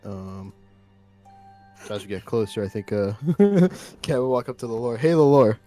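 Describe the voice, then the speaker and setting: Male player, lowish voice, easygoing and matter-of-fact. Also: very animated, measured pace, warm tone, faint music behind. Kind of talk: casual chat.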